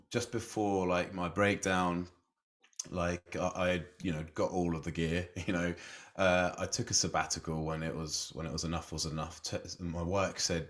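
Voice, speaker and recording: Speaking in a low voice, this podcast guest shares his story in a relaxed, chatty way. He pokes fun at himself, laughs frequently and keeps saying "you know."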